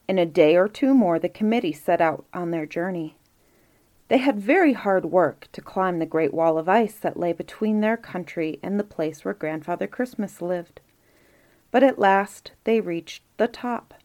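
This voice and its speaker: A woman reading a Christmas storybook aloud in a gentle, measured narration. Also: mid-range voice.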